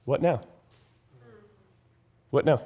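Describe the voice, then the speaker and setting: A man preaching a sermon in a church, reading scripture and praying, rising to emphatic bursts and dropping low and slow. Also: dark tone. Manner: rises to emphatic high bursts, then drops low and slow. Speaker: pastor. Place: church sanctuary.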